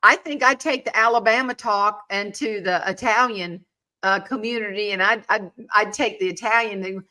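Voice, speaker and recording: Bright-voiced chatty woman interviewer. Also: medium pitch, normal speed. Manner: exclamatory, chatty reactions. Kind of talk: casual chat.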